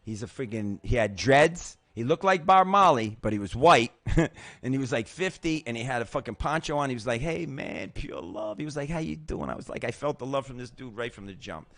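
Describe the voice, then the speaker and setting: A middle-aged man tells a raw personal story, full of swearing and emotion, and acts out the voices of the people in it. His pitch swings widely as he talks. The sound is dry and close, with no room around it. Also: a little fast, no echo. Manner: emotional, profane, animated retelling with acted-out voices. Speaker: host.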